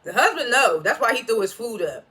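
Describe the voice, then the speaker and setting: Host of a recap vlog: a bright, forward voice that rambles through plot points with loose slang and quick restarts. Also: medium pitch, big pitch swings. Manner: chatty, slangy retelling with laughter; frequent restarts and repeated names. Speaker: TV episode reviewer. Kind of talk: casual episode recap.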